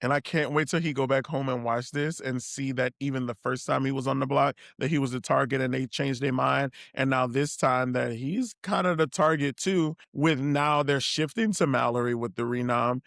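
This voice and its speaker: Animated gravelly-voiced man recapping. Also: mid-range voice, moderate pace, hardly any pauses, no echo, studio quality. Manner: animated, quotes people in raised voice. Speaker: podcast co-host. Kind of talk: casual recap chat.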